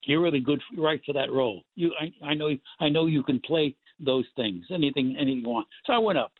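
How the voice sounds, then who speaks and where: An older man telling rambling, animated stories as a guest actor, with many restarts. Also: on the high side, fast talker. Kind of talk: casual storytelling interview. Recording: tinny phone line, dry.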